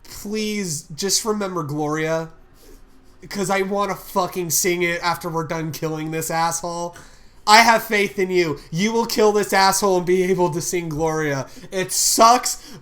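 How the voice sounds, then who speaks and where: A man's voice: high voice, a little slow, sharp tone. A man doing a chummy adventurer cheering on a friend. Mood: encouraging. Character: cheerful male adventurer rallying an ally.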